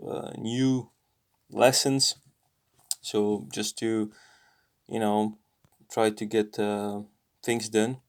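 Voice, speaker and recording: A man with a British accent walks through a language lesson out loud, thinking as he goes, pausing often and correcting himself. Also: medium pitch, clear, resonant tone. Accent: British English. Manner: thinking aloud, explains patiently with many pauses and self-corrections. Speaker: language learner sharing lessons. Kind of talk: screen-recorded lesson walkthrough.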